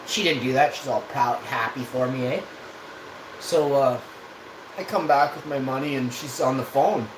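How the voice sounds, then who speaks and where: A live streamer spins a loose, profane anecdote in an easy, rambling way. His voice sits at an ordinary pitch for a man. It bounces around an echoey room with steady background noise. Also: normal speed. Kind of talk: casual storytelling on a stream.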